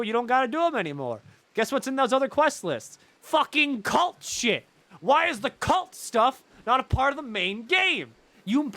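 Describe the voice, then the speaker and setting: A young man streaming a game, retelling its story with animated, sarcastic and profane commentary. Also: high-pitched, dry recording. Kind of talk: casual gameplay commentary.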